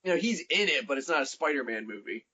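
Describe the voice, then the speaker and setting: A man's voice: fairly high pitch, lively intonation, fast, pushed and bright, breathy edge. A man chatting casually on a podcast, tossing in wry joking asides. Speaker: podcast co-host. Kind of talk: casual chat. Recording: dull lo-fi.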